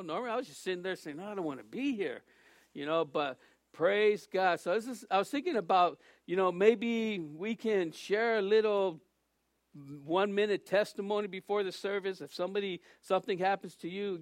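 High-voiced pastor telling a story. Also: male voice, brisk, dry recording, clean studio sound. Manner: rambling, animated storytelling with many restarts. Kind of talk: sermon with a personal story and prayer. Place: church.

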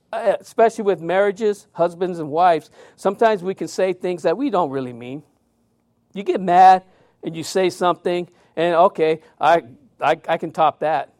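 High-voiced animated male pastor. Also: dry recording, studio quality. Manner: animated storytelling with sudden loud outbursts and quiet drops. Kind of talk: sermon.

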